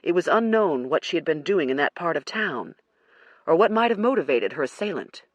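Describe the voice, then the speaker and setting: An audiobook narrator reading a first-person crime thriller in a measured storytelling manner. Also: medium pitch, very animated, no echo, dull audio.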